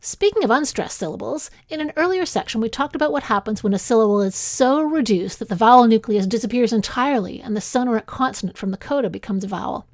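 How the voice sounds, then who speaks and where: A woman's voice: on the high side, lively intonation, dry recording. Canadian woman explaining phonetics, dry sound. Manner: clear, measured, slows to sound out example words. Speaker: linguistics instructor. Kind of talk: scripted lecture narration.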